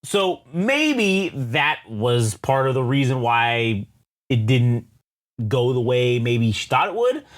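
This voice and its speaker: A man's voice: medium pitch, very animated, takes it slowly. A man co-hosting a casual podcast chat, swearing freely and riffing on his opinions. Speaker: podcast co-host.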